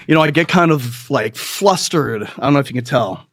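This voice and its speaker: A man hosting a comedy podcast, telling a rambling, profane story and jumping into squeaky voices for the people he quotes. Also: lively intonation, moderate pace, a bit bright, a little hiss or hum. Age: adult. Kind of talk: comic storytelling monologue.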